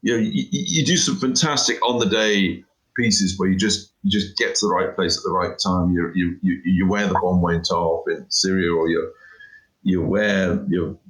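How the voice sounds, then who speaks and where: A man's voice: low voice, fairly even intonation, normal speed, a bit bright, low-quality recording. A middle-aged man, an interview guest who talks about his work in an emphatic, rambling way and says "you know" often. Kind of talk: casual interview chat.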